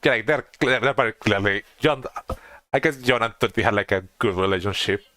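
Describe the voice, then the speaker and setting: A man's voice: fairly low pitch, fairly quick, pushed and bright. A young man giving casual, rambling commentary on a video game he is playing. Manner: rambling, restarts, lots of fillers. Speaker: let's play streamer. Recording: faint game music behind.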